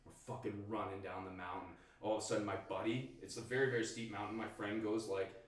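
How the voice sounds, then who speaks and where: Low-voiced man telling a story, echoey room. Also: fairly even intonation, fast talker. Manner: swears a lot, fills with "like". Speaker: podcast guest, stand-up comedian. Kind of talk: casual storytelling. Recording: echoey room, distant mic.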